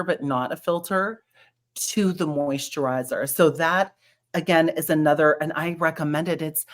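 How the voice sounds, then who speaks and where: This is a woman in a casual chat, talking about skincare with enthusiasm. Her voice sits a little low for a woman. She laughs often and restarts her sentences, full of fillers. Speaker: brand representative.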